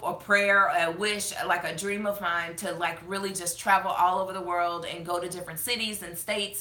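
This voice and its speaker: A woman's voice: medium pitch, bright, forceful tone, reverberant. A woman chatting casually on a live stream, reading viewer comments with many fillers, tearful and fighting back crying. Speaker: beauty vlogger hosting a live chat.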